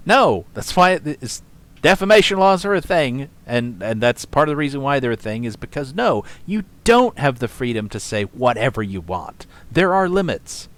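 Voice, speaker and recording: A man hosting casual reaction commentary, rambling, swearing and scoffing between long pauses. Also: mid-range voice, very animated, fairly bright tone. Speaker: commentary host.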